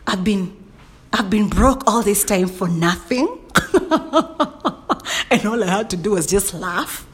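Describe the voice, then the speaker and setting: A woman's voice: medium pitch, moderate pace, breathy edge. Playful laughing woman podcast host. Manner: playful, laughs often, mock-indignant. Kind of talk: casual solo podcast chat.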